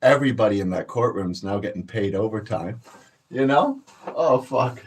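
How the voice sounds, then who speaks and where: A man's voice: fairly low pitch, expressive, normal speed, breathy edge. A man, telling boastful, profane stories to his viewers in a casual rant. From Canada. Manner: profane, boastful storytelling, laughs a lot. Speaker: channel host.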